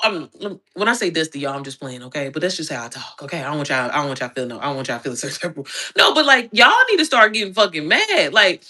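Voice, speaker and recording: Bright-voiced, fired-up woman from Indianapolis. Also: lively intonation, fast talker. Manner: blunt, profane, fired-up and preachy; slides into high squeaky voices when mimicking others. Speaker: online business coach. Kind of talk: casual livestream rant.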